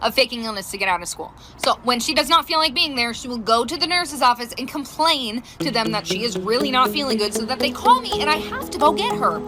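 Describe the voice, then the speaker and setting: A middle-aged mother casually telling a funny story, animated and laughing as she acts out quotes. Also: a little high, fairly quick, few pauses. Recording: loud music underneath.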